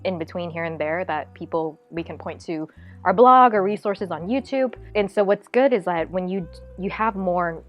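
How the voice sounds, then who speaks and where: A woman co-founder chatting candidly in an interview, quick and lively with lots of fillers. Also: fairly low pitch, soft background music.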